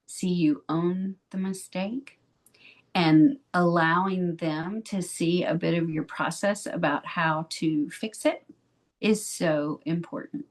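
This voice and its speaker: A woman co-hosting an advice podcast on betrayal recovery, explaining in a gentle, measured way. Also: fairly low pitch. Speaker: podcast co-host, therapist. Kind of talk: calm advice talk.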